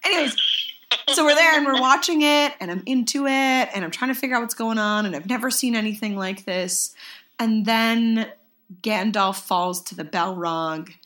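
A woman in her thirties telling a story in casual chat, animated and acting out quotes in a high voice. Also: moderate pace.

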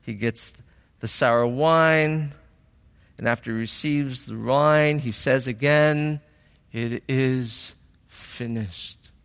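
Slow, reflective male preacher in a reverberant hall. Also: mid-range voice, vocal fry, fairly bright tone, clean tone. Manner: reflective, rising to fervent emphasis. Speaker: pastor. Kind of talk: sermon.

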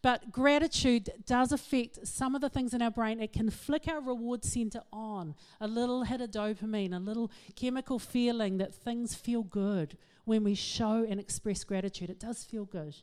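A middle-aged woman, giving a humorous, self-mocking talk to an audience in an animated storytelling manner. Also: a little high, normal speed, few pauses, clear, resonant tone. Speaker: speaker.

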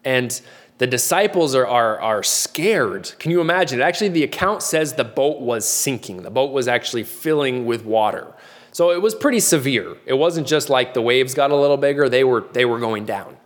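A man's voice: medium pitch, lively intonation, normal speed, big-room sound. Earnest conversational man preaching. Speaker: pastor. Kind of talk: sermon.

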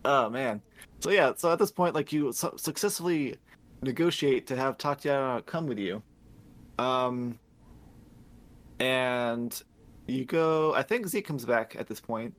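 A man on a podcast casually recapping a video game story, rambling and swearing, laughing as he acts out characters in quick paraphrase. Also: mid-range voice, lively intonation. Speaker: podcast host.

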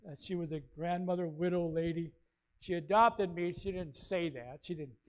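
A man pastor preaching a sermon, telling stories with big swings between loud and soft. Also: normal speed, rough recording. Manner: storytelling preacher, dynamic swings in loudness and pitch.

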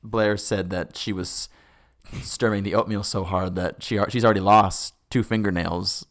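A man with a somewhat low voice chats about an episode as a podcast co-host. His talk is relaxed and conversational, and he drifts easily from point to point. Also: normal speed. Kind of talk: casual show recap.

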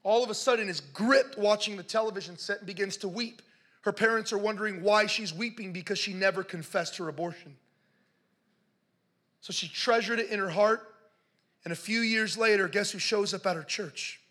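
A man telling a story in a sermon, passionate and building to shouts as he preaches. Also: sits high, moderate pace.

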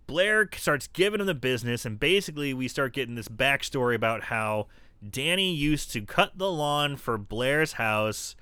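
A man's voice: mid-range voice, expressive, moderate pace, sharp tone, clear, resonant tone, dry recording. A man casually recapping a horror film on a podcast, swearing freely and putting on mocking voices for the characters. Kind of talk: casual movie recap chat.

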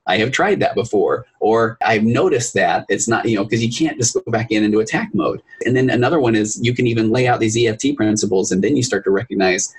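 Fast-talking husky therapist man. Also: on the low side, poor audio. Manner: fast, animated storytelling, acts out clients' voices. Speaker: marriage and family therapist, guest. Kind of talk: podcast interview.

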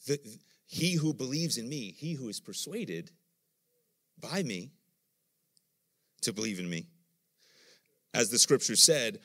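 Speaking slowly and pausing often, this middle-aged preacher has a mid-range voice. His sermon is full of lively stories, and he performs the quoted voices himself.

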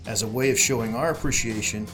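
A man reading a scripted donation appeal slowly and in a measured way. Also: mid-range voice. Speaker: announcer. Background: music.

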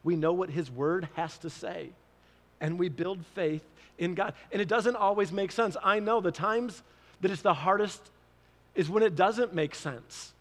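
A man's voice: sits high, unhurried, long reverb tail. A man preaching a sermon as pastor, telling stories and acting out his own prayers.

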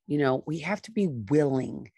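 A woman's voice: deep voice, lively intonation, normal speed, creaky, warm tone, husky, no echo, studio quality. A middle-aged woman hosting a solo podcast, talking with enthusiasm and repeating phrases for emphasis. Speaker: podcast host.

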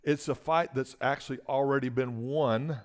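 Guy preaching, mid-pitched voice, gets loud and fired up, keeps asking amen. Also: steady tone, normal speed. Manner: emphatic, repeats words, asks "Amen?". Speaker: guest preacher. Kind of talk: sermon.

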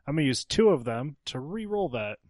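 A man's voice: fairly high pitch, big pitch swings, fairly quick, darkish tone, no echo. A man playing in a tabletop game, speaking earnestly in and out of character. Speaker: player.

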